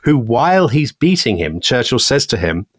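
A man's voice: medium pitch, moderate pace, no room sound. A man co-hosting a history discussion, telling stories with relish and frequent chuckles. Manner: lively storytelling, chuckles often. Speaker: podcast co-host.

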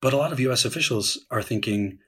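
A man's voice: medium pitch, fast talker, fairly bright tone, slightly rough. A man in a conversational discussion, explaining at length, often restarting sentences and using fillers. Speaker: historian guest.

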